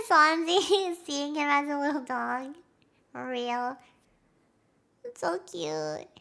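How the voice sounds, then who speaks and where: A young woman streams live with her audience in a casual, chatty way, giggling often and reacting strongly. Her voice sits high and bright. She speaks slowly and lets her words drawl out. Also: big pitch swings, gravelly. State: has a headache.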